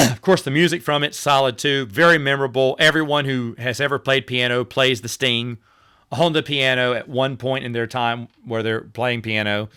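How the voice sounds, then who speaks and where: Middle-aged male host, bright tone, loose rambling solo chat that repeats itself. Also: mid-range voice, steady tone, normal speed, clear, resonant tone. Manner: rambling, repeats himself, acts out quoted lines. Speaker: host ranking movies. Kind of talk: casual solo movie talk.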